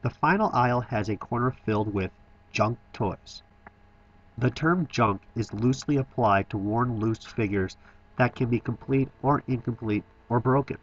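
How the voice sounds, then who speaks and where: Guy doing a toy store review voice-over, mid pitch, eager with wry jokes, kinda dull lo-fi sound. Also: moderate pace. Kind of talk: scripted voice-over narration.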